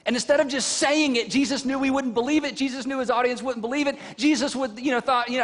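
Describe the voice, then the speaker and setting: High-voiced man preaching in a reverberant hall. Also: fast talker, hardly any pauses. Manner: animated storytelling with rhetorical questions to the congregation. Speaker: pastor. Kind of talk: sermon. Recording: long reverb from a large hall.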